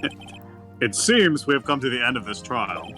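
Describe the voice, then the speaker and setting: A man's voice: medium pitch, very animated, moderate pace, bright, forceful tone, faint music behind. A man voicing a stern, fussy old male judge in a live fan dub of a game. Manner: stern, pompous.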